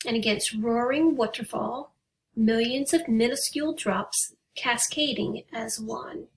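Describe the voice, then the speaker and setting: A woman teacher giving a writing lesson to young students, speaking patiently and reading example poems slowly and deliberately. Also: on the high side, far from the mic, rough recording. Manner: patient, encouraging. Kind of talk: recorded remote writing lesson.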